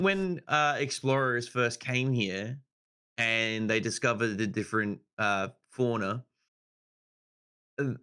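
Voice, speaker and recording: A man's voice: mid-range voice, a bit bright. An Australian man in casual podcast chat, telling laid-back, joking stories.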